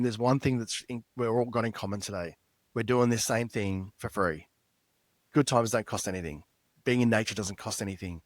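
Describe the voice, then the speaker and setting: A middle-aged man, a guest author on a podcast, tells a personal story in an earnest, reflective way during a storytelling interview. His voice is mid-range, recorded with no room sound.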